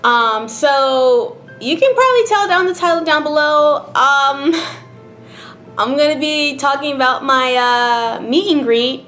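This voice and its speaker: A woman's voice: high-pitched, a little slow, bright, forceful tone. Emotional young woman vlogging, echoey room. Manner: chatty, emotional, many fillers, near tears. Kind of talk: casual storytelling to camera. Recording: echoey room, faint background music.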